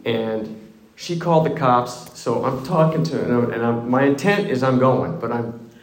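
A man's voice: medium pitch, moderate pace, echoey room. A middle-aged man telling a candid, self-mocking story of his own recovery, with wry humor. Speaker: recovery speaker.

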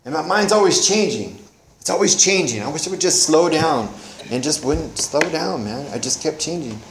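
A man's voice: on the high side, expressive, normal speed. Middle-aged man, blunt recovery-meeting testimony, lots of "you know", roomy echo, faint hiss. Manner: candid, rambling, frequent "you know", swearing. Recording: echoey room, faint noise.

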